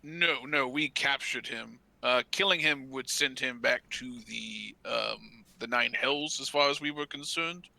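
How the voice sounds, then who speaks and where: Gravelly, bright-toned man running a game. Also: mid-range voice, unhurried, few pauses, no room sound, low-quality recording. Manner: rambling, lots of filler words. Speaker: game master. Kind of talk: narrating a tabletop game.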